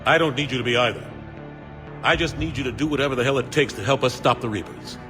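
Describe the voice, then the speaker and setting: An actor playing a firm, steady older male fleet admiral who mentors a soldier in a game cutscene. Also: mid-range voice, fast talker, music in the background, natural voice.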